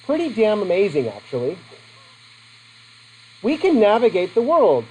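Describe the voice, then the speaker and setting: Middle-aged guy teacher, kinda high voice, jokey lecture, asks the class stuff, faint noise behind. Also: wildly swooping pitch, moderate pace, mellow, low-quality recording. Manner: joking, conversational, asks the class questions.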